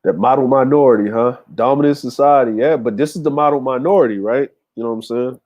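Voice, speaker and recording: A man's voice: medium pitch, quick pace, darkish tone, muffled recording. Laid-back man hosting a casual stream. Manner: laid-back, laughing, talks to chat with many fillers. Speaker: show host. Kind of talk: casual livestream commentary.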